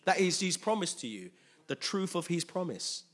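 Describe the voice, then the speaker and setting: A man preaching a sermon with animated, emphatic delivery and call-and-response. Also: high voice, moderate pace.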